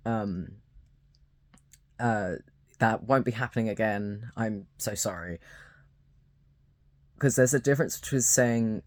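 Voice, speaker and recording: Halting, slow-talking young man. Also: fairly low pitch, dry recording, clean studio sound. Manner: hesitant, halting, with many fillers and restarts. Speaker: YouTuber. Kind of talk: unscripted talking-to-camera commentary.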